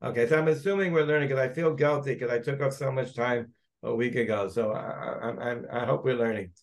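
A man's voice: medium pitch, a little fast. A man, a rabbi, teaching a Talmud class, thinking aloud as he searches through the text and digresses.

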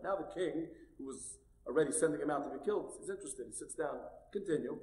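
Animated male storyteller in an echoey hall. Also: a little high, fast, hardly any pauses. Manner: animated, swings from loud to hushed. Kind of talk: telling a traditional tale.

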